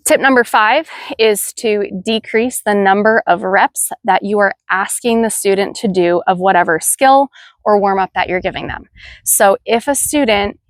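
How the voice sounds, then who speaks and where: A woman with a middle-pitched voice gives other riding instructors her tips in an instructional video, steady and practical, counting cues aloud at normal speed. The recording is dry, with almost no room sound around her.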